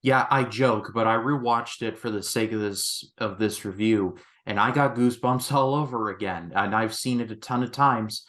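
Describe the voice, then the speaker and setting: Man, lowish voice, casual film chat, animated asides. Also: normal speed, few pauses. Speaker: film review podcast host.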